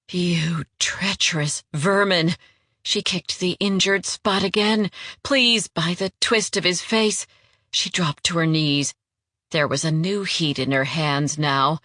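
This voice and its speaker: A woman with a lowish voice narrates an audiobook, telling the scripted story in a measured, even way. The recording is clean studio sound with no room sound.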